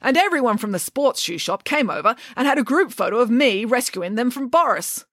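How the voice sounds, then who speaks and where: A woman's voice: on the high side, very animated, a little fast, no echo, studio quality, voice pushed up. A woman doing a grand, scoffing pig nanny. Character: flamboyant, greedy, self-assured female pig nanny.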